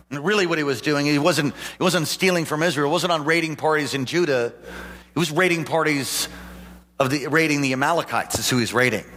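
A man, a pastor, preaching a sermon, often rising into animated exhortation. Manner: animated preaching, climbs in pitch and volume toward exhortation. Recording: long hall reverb, faint background hum.

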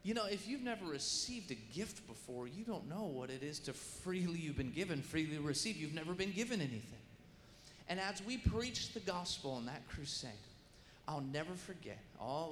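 A middle-aged man preaching a sermon and telling a story with lively acted-out voices and sound effects. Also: on the high side. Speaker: guest preacher. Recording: echoey hall with faint room noise.

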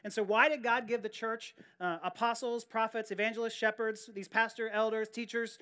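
Woman, pastor, sermon, earnest and emphatic, higher-pitched voice, repeats key phrases. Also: steady tone, moderate pace, fairly bright tone. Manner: earnest, emphatic preaching with repetitions and restarts.

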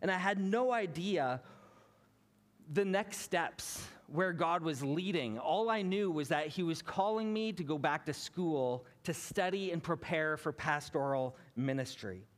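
A Canadian man in his thirties, a pastor giving a sermon in a relaxed, storytelling way. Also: on the high side, unhurried. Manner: conversational, anecdotal, building to a lesson.

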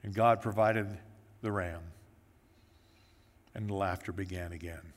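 A male pastor preaching a sermon, telling the story in a lively way and briefly acting out the voices of the people in it. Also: deep voice, measured pace. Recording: echoey hall with long reverb.

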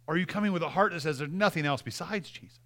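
Bright-voiced male pastor preaching earnestly. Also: on the high side, rapid-fire. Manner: earnest, with repeated restarts and dramatic drops in volume; reads quoted passages aloud with emphasis. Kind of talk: sermon.

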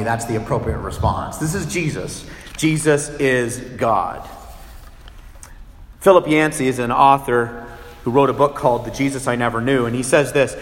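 A man preaching a sermon as a pastor, animated and acting out little scenes with shifting voices. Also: mid-range voice, normal speed, roomy sound, long reverb tail.

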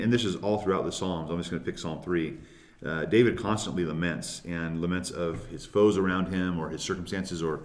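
A man co-hosting a casual Christian discussion, speaking earnestly and emphatically, voicing scripture quotes with rising force. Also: sits low. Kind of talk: casual chat about scripture. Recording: roomy echo.

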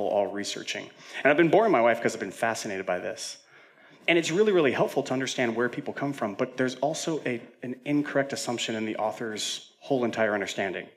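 A male senior pastor preaching a sermon in a conversational way, with frequent fillers and self-corrections. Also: on the low side.

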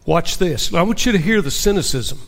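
High-voiced man preaching emphatically. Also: expressive, a little fast. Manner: emphatic preaching with rhetorical questions to the congregation. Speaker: pastor. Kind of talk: sermon.

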